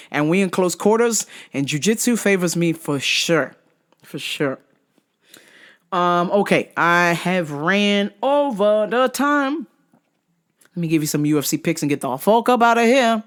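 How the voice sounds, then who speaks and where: Profane, animated storytelling vlogger. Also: measured pace. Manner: profane, animated, laughs often; acts out voices with big pitch jumps. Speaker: vlogger host. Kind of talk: casual storytelling rant.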